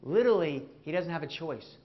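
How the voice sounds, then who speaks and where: A man giving an interactive motivational keynote on stage, animated and jokey, asking the audience questions. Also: on the high side, a little fast, muffled recording. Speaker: keynote speaker. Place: stage before a live audience.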